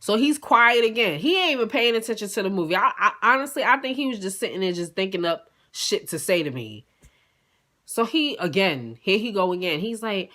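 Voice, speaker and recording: Bright-voiced woman telling a storytime. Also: mid-range voice, a little fast. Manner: animated, profane, acts out dialogue. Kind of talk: casual storytime.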